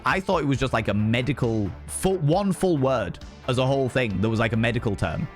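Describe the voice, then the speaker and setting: A man's voice: medium pitch, fairly quick, faint music behind. Candid, swearing streamer man. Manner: candid, profane, rambling with animated outbursts. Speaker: live streamer. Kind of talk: casual live-stream chat.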